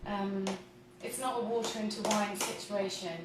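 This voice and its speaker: A woman's voice: medium pitch, steady tone, normal speed, background noise. A woman in her thirties hosting a casual home cooking livestream. She chats, giggles and reads viewer comments aloud while baking. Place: home kitchen, indoors. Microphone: camera mic at a distance. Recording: roomy kitchen from a distant mic.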